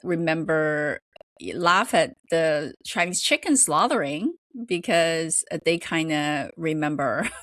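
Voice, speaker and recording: A woman co-hosting a podcast in casual chat, talking haltingly with many fillers and restarts and laughing between phrases. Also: sits low, lively intonation, a bit bright, dry recording. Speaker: podcast co-host.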